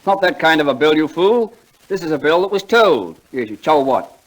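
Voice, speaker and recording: A pompous, fussy poetry reciter. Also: male voice, fairly high pitch, sing-song, brisk, rough recording. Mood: exasperated. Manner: declaims grandly, snaps in irritation. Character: pompous man reciting poetry, easily exasperated. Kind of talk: 1940s radio comedy acting.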